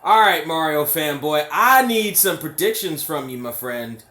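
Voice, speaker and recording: Guy streaming and yelling at the screen, swears a lot, bouncy pitch, echoey room. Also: measured pace. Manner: excitable, profane, talks to chat. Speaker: live-stream host. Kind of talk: casual live-stream commentary. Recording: roomy echo.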